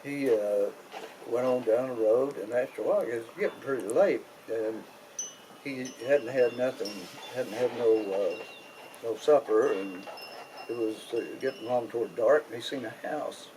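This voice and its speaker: A man's voice: medium pitch, dark tone, a little hiss or hum, low-quality recording. Folksy Kentucky storyteller man. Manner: folksy drawl, rural grammar, unhurried pauses. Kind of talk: oral folk storytelling.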